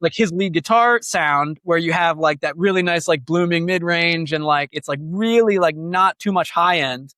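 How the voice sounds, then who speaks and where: A young man chats casually as a podcast guest guitarist. He rambles through his stories with plenty of fillers. His voice sits a little high and sounds dry and close, with no room echo. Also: normal speed, hardly any pauses, bright, forceful tone, clean tone. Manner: rambling, filler-heavy storytelling.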